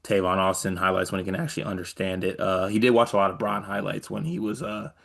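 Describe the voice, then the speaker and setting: A man's voice: low voice, little pitch movement, quick pace, gravelly, a bit bright. A man from Michigan hosting a sports podcast in joking, laid-back banter. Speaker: podcast host. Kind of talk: casual sports podcast chat.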